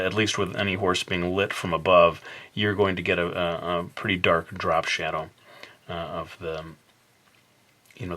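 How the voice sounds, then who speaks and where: Man, low-ish voice, relaxed drawing-tutorial narrator, rambling and self-mocking. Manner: relaxed, rambling, self-deprecating with playful asides. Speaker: drawing instructor.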